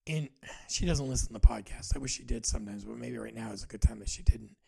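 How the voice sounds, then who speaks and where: A man in his forties hosting a podcast, talking earnestly and haltingly about his own feelings, often restarting his sentences. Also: on the low side, gravelly, dark tone, breathy edge. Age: 40s. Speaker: podcast host. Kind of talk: personal reflective monologue.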